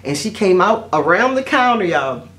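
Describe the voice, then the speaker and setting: A middle-aged woman, telling stories to camera in a chatty, expressive way and often saying "y'all.". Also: on the low side, moderate pace. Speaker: vlogger. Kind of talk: casual storytelling to camera.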